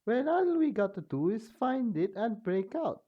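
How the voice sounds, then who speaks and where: A man's voice: sits high, very animated, normal speed, husky, narrow, tinny audio, voice pushed up, full character voice. A man voicing an eager, hopeful young student.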